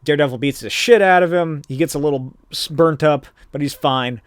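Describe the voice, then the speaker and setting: A man hosts a podcast and casually recaps a comic book, rambling along with plenty of filler words. His voice sits a little high for a man. The sound is close and dry, with no room echo. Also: fairly quick, clear, resonant tone. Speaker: podcast host.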